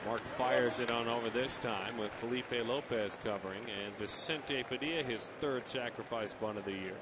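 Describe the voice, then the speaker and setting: A man's voice: mid-range voice, moderate pace. Chatty man calling baseball, noisy booth. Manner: chatty, jokey, lifts his voice on big plays. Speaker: play-by-play announcer. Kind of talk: baseball TV commentary.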